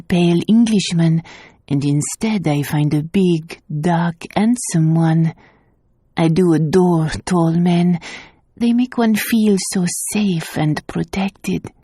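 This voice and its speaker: A woman reading the part of a vain aristocratic mother fond of jewels, speaking slowly and coquettishly. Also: lowish voice, mellow, breathy edge, no echo, clean studio sound. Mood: flirtatious.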